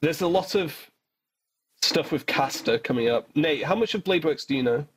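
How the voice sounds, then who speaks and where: A man co-hosting a podcast in casual chat, excitable, restarting his sentences and swearing often. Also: on the high side, moderate pace, slight background noise. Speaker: podcast co-host.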